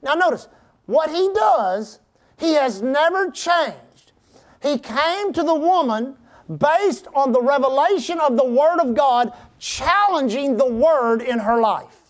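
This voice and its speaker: A middle-aged pastor with a high-pitched voice preaches to his congregation and has them repeat his words back to him. He reads scripture in old-fashioned wording and now and then breaks into shouted exclamations. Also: animated, takes it slowly. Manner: preaching with call-and-response to the congregation. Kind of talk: sermon.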